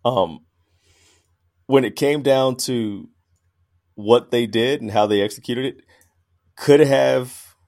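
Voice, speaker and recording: A man co-hosting a podcast in casual debate chat, emphatic and animated, laughing as he argues. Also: medium pitch, slow pace, creaky, long pauses. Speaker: podcast co-host.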